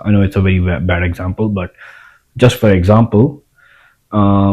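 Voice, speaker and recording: A man's voice: lowish voice, animated, fairly quick, a little mellow, breathy edge, poor audio. A man giving casual self-help advice in a blunt, rambling way, swearing freely. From India.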